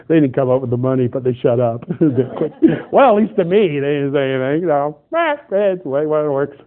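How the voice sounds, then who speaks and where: A middle-aged man preaching a sermon, telling stories with animated, excitable bursts. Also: a little high, normal speed. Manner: animated storytelling, shifts to loud excited outbursts. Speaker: pastor. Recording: tinny phone-like band.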